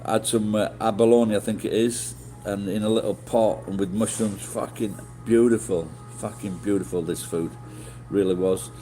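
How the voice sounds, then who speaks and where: Middle-aged man, low voice, rambling swear-laden storytelling to chat, faint music behind. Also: steady tone, normal speed, few pauses, mellow. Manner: rambling, swearing, many restarts and fillers. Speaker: livestreamer.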